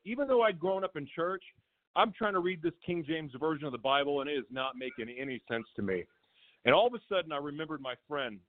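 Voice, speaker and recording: A man calling in as a guest, telling a raw personal story in a rambling, self-correcting way. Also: on the high side. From Oklahoma. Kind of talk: candid personal testimony. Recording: tinny phone line.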